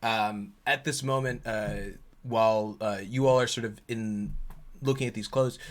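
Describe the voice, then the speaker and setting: A man's voice: on the low side, steady tone, unhurried. A man running a tabletop game as game master, joking and rambling with many fillers.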